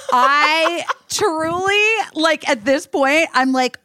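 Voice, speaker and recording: A woman from the United States hosting a podcast, telling a story in a profane, animated rant. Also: high voice, slow, no echo, studio quality. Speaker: podcast host. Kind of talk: casual podcast chat.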